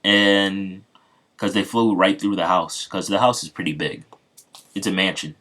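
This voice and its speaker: A man's voice: deep voice, steady tone, measured pace, sharp tone. A man casually making up and telling a story, chatting loosely with his viewers as he goes. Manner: loose, off-the-cuff retelling with asides to viewers. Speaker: channel host. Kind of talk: casual improvised fan-fiction storytelling.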